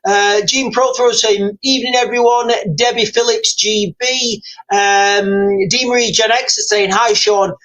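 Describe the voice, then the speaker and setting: A man's voice: high-pitched, steady tone, measured pace, few pauses, fairly bright tone, rough recording. A man hosting a live stream, reading out viewer comments and talking straight to his audience in a rambling, repetitive way. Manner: rambling, repeats himself, talks straight to viewers.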